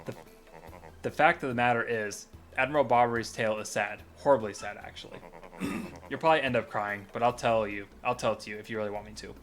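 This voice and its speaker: A man's voice: medium pitch, fast talker, a bit bright, soft background music. A man streaming a video game, reading its character dialogue aloud with a light dramatic lilt and stumbling over words now and then. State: coughing at times.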